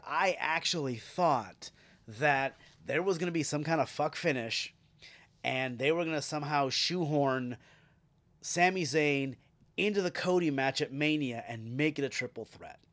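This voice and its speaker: Slow-talking, animated male podcast host. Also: fairly high pitch. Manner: animated, profane, laughs while retelling. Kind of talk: casual wrestling recap.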